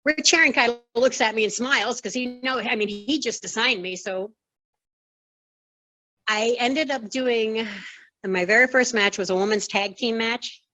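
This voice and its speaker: Older woman telling a lively story. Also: fairly high pitch, normal speed, no echo, low-quality recording. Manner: lively storyteller who acts out quoted dialogue. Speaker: former wrestling referee, interview guest. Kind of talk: conversational storytelling.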